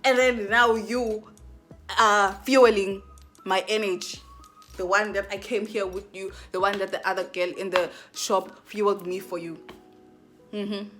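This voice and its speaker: A young woman vlogger telling a casual storytime, chatty and animated, full of fillers and acted-out asides. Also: medium pitch, measured pace, soft background music.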